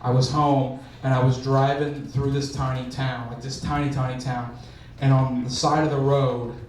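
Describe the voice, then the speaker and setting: A man's voice: medium pitch, flat delivery, moderate pace, a little mellow. A man from Oklahoma telling casual stand-up stories, full of "like". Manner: casual, storytelling, lots of "like". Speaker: stand-up comedian. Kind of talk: stand-up comedy set. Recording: very echoey room, distant mic, background noise.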